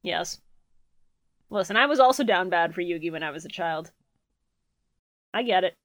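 A woman's voice: lowish voice, expressive, moderate pace, a bit bright, no echo. A young adult woman co-hosting a podcast in casual chat, laughing often and swearing freely. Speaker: podcast co-host.

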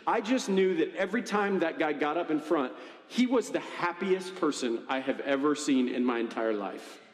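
A man preaching a sermon in a conversational, animated way, often checking in with the congregation. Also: fairly high pitch, moderate pace. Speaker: pastor. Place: church hall. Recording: echoey hall with long reverb.

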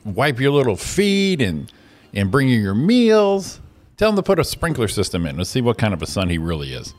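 A man hosting a morning radio show, telling stories in a loose, profane, animated way and acting out grumpy voices. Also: mid-range voice, normal speed. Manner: animated storyteller, swears freely, acts out grumpy voices. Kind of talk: casual chat.

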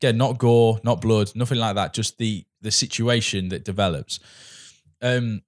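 A man's voice: on the low side, normal speed. Chatty man reviewing a film. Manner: rambling, restarts, acts out quoted dialogue. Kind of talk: casual film review chat.

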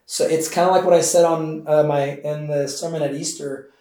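Pastor teaching a class in an echoey room. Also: male voice, on the high side, steady tone, normal speed, dark tone. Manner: conversational, with many fillers and asides to the class. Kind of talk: informal Bible study teaching. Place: church classroom. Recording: echoey room, mic far off.

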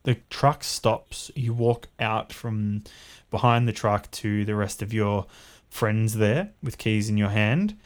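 A man narrating a tabletop game as game master, describing scenes calmly. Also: lowish voice, slow.

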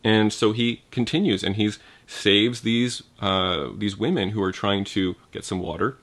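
A man's voice: fairly low pitch, steady tone, measured pace, fairly bright tone. A man giving an informal Bible teaching, thinking aloud with restarts and asking his listeners "right?".

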